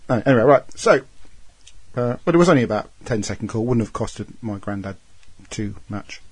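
A man's voice: fairly low pitch, expressive, brisk, darkish tone, slightly rough. A man hosting a casual chat, playful and teasing, rambling with restarts. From Wales. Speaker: podcast host.

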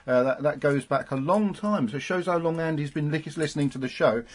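A man's voice: on the high side, brisk. A man hosting a podcast in casual chat, joking and chuckling with his co-host. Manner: jokey, chuckling.

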